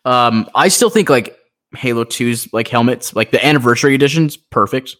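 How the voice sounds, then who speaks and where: Male co-host, average pitch, casual and excitable, rambling delivery. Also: normal speed. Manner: excitable, rambling with many fillers. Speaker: podcast co-host. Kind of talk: casual chat.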